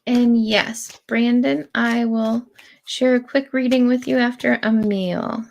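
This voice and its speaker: Slow, gravelly-voiced woman reader. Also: on the high side, steady tone, darkish tone. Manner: slow, deliberate, drawn-out phrasing. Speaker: spiritual reader. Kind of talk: live-stream spiritual reading.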